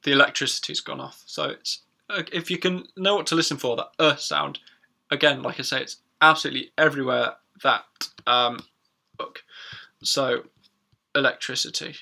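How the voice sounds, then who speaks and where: A man teaching pronunciation in a chatty live stream, repeating words slowly for learners. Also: mid-range voice, steady tone, gravelly, sharp tone. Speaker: English teacher.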